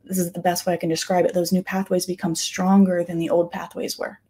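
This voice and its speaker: A woman in her thirties talks into her podcast mic in an earnest, confiding tone. Her voice is somewhat low, mellow and dark, with a husky edge. She often slows right down to stress a point. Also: little pitch movement. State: close to tears at times. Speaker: podcast host. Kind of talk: reflective personal talk.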